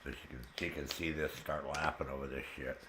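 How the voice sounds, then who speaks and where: A man's voice: rumbling low, brisk, very noisy. Guy on a gaming stream cussing up a storm and cracking himself up, loose chatty vibe. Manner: profane, animated retelling of his own frustration; laughs often. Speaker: gaming channel host. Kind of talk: casual chat while gaming.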